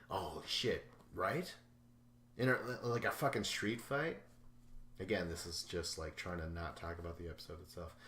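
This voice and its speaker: A man hosts a casual podcast, recapping a reality show in a loose, rambling way full of profanity. His voice sits on the low side. The room is echoey, and faint noise runs underneath. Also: fairly bright tone. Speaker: podcast host. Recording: roomy echo with faint noise.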